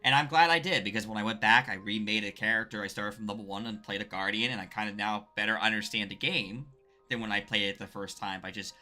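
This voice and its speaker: A man's voice: on the low side, fast, bright, forceful tone, soft background music. A man hosting a casual streamed interview about a game, upbeat and rambling, with many fillers. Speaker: host.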